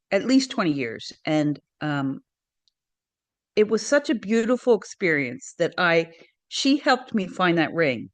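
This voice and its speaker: A middle-aged woman telling a personal story in an interview, earnest and hesitant, with frequent pauses and restarts. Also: mid-range voice, no room sound. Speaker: interview guest.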